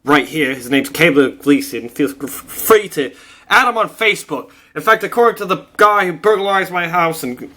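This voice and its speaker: Male vlog host, high-pitched and very bright, profane exasperated storyteller. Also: lively intonation, normal speed. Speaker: host of his own video show. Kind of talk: ranting storytelling monologue.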